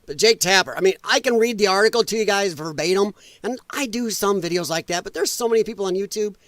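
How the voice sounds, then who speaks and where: A man's voice: high-pitched, fast talker, fairly bright tone, dry recording. A male livestream host giving blunt, mocking political commentary with a casual, ranting delivery.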